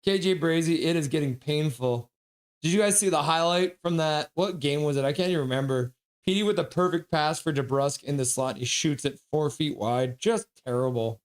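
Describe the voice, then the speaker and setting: Excitable and fast on the calls, this streamer narrates a hockey game live and squeezes in chat messages between plays. The voice is medium in pitch.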